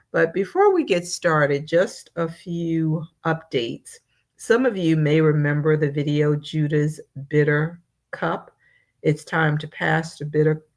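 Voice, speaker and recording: Slow-talking woman hosting a live stream. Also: low voice. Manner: slow, drawn-out greetings, reading names one by one. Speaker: channel host.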